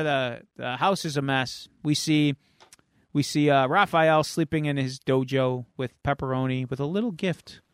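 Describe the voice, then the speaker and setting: Playful male podcast host, slightly high, dry close mic. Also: smooth, no echo. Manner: animated, playful storyteller. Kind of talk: casual chat, retelling a comic.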